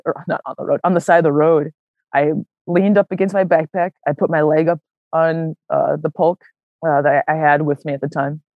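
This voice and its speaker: A young adult woman telling a hiking story as an interview guest, animated and casual, full of "like" and "man". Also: lowish voice, dry recording, muffled recording. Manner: animated, many fillers like "like" and "man", acts out quoted voices. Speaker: interview guest, long-distance hiker.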